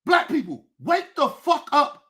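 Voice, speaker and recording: This is a woman hosting a livestream rant, her voice high and bright. She speaks angrily, swears constantly, and often rises to a shout. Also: lively intonation, moderate pace. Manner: angry, profane, often shouting. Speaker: streamer, show host.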